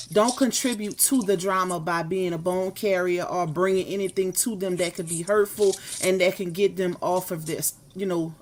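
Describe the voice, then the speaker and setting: A woman hosting a livestream, signing off in a casual, chatty way, often repeating words as she thanks guests and viewers. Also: medium pitch. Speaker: livestream host.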